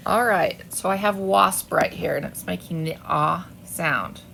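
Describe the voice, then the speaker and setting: Slow gravelly-voiced woman teaching phonics. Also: fairly low pitch, fairly bright tone, slight background noise. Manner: slow, patient, asks children to echo words. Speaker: second grade teacher. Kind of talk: phonics lesson for children. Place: at home, away from school.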